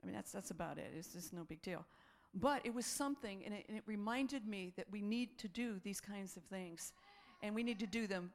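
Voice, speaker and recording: A woman preaching a sermon, telling a personal story in an animated way, laughing often and acting out her own thoughts. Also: medium pitch, fairly quick, creaky.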